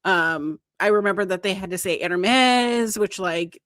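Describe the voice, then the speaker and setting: A woman's voice: mid-range voice, a little slow, no room sound. Woman co-host, casual chat, punchy storytelling, dry close sound. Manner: animated storyteller, retelling scenes with emphasis and swearing. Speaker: podcast co-host.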